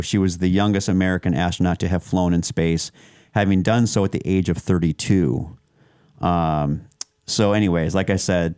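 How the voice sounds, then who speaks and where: A man co-hosting a podcast speaks in a low, slightly mellow voice that is clear and resonant. His casual talk rambles, with many restarts and fillers. The recording is dry and studio quality.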